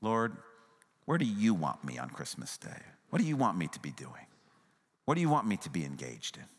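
A man preaching a sermon as pastor, swinging from raised, emphatic passages to hushed, tender ones. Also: sits low, wildly swooping pitch, normal speed, big-room sound.

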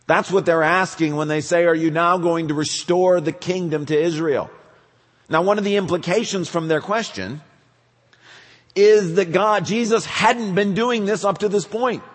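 A male pastor preaching a sermon, animated, acting out questions in quick bursts. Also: high voice. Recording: reverberant church hall.

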